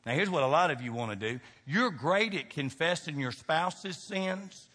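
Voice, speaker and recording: Bright-voiced preaching man in a reverberant hall. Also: a little high, expressive, normal speed. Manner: emphatic preaching with call-and-response questions; folksy, joking asides to the congregation. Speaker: pastor. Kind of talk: sermon.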